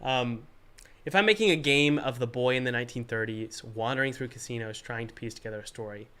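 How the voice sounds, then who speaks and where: A man with a bright, forward voice hosts a casual live stream. He has a cold and coughs between his sentences. He talks with energy, rambles, and throws in jokes as he gives advice. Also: mid-range voice, a little fast, clean tone. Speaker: game developer hosting a live Q&A stream.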